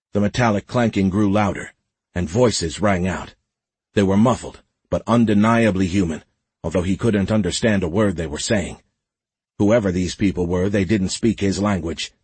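A man narrating an audiobook in a steady, measured storytelling voice. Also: on the low side, husky, no room sound. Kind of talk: scripted narration.

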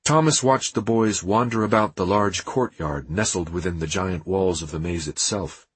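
A man narrating an audiobook in a steady, measured reading with a husky voice. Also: low voice, no room sound.

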